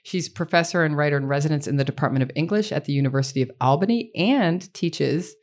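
Woman host at a live book reading, playful and self-deprecating, a fairly low voice. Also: quick pace, darkish tone. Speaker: event host introducing an author. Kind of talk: live bookstore introduction with banter. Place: bookstore reading event.

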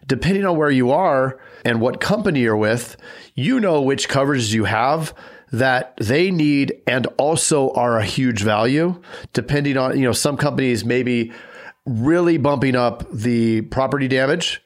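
A man co-hosting a casual podcast, talking shop and acting out quick sales pitches. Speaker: podcast co-host. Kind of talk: casual chat.

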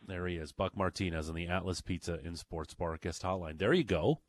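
Low-voiced sports radio host. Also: male voice, brisk. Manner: upbeat, plugs segments. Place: radio studio.

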